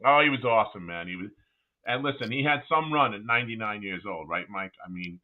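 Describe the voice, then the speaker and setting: A middle-aged man, a former college basketball player, telling animated anecdotes as a guest with frequent restarts. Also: fairly low pitch, brisk. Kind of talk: casual interview storytelling. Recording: tinny phone-like line.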